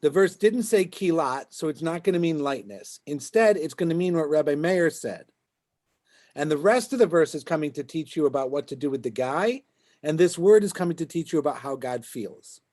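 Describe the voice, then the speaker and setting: A man's voice: on the high side, animated, moderate pace, darkish tone. A man teaching a Talmud class as a rabbi, explaining the text and checking in with his students as he goes. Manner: explains as he goes, keeps asking "right?". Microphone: video call.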